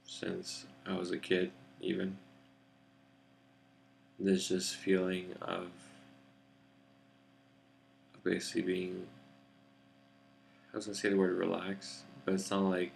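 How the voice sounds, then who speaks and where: A man with a very low, heavily gravelly voice gives a reflective personal video update. He talks at an unhurried pace in a relaxed, grounded chest voice and pauses to search for words. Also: a little hiss or hum. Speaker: vlogger. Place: seated in a chair indoors.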